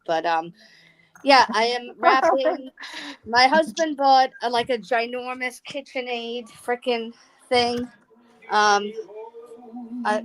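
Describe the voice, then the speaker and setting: A woman's voice: a little high, a bit bright. A woman calling in to a livestream, chatting casually in a chatty way, laughing often and using fillers. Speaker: guest caller. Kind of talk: casual chat.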